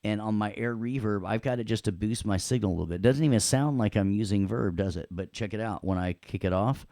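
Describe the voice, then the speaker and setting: A man teaches audio production, joking as he walks students through a software demo. His voice sits low. The recording is dry and close. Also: brisk, no room sound. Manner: playful, joking, repeats "check it out". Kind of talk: live software demo lecture.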